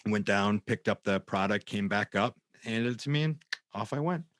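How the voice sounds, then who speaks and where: A man's voice: lowish voice, moderate pace, fairly bright tone, no echo. A man co-hosting a podcast, chatting casually and enthusiastically with casual swearing. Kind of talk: casual chat.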